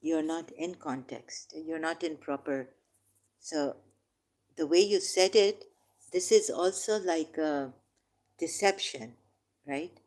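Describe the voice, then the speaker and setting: A woman holds her ground in a heated religious debate, reading verses aloud and correcting her opponent again and again. Her voice sits low and warm, and she takes her time over each word. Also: takes it slowly, pauses often. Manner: insistent, repeatedly correcting, reads verses aloud. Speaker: debate participant.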